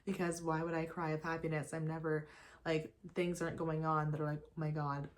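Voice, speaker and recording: A woman's voice: deep voice, monotone, brisk. A young woman chatting casually while getting ready, talking about faith and surrender, with lots of restarts and fillers. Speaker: faith vlogger. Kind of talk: casual get-ready-with-me chat. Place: at home.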